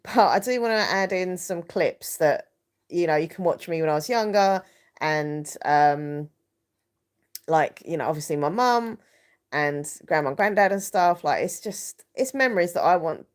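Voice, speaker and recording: A woman's voice: lowish voice, lively intonation, moderate pace. Rambling, chatty woman. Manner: rambling, chatty, lots of fillers and restarts. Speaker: YouTuber hosting a live stream. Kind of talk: casual live chat, reading viewer comments.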